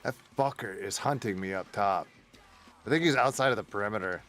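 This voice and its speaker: A man's voice: on the low side, a little fast, fairly bright tone. A man giving casual running commentary while playing a survival game, muttering and swearing under his breath as he sneaks along. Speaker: gaming streamer.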